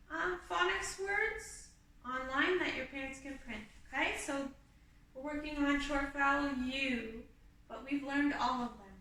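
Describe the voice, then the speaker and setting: A woman teacher giving an online kindergarten lesson, speaking clearly and patiently to young children. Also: sits high, pushed and bright. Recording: echoey room from far off.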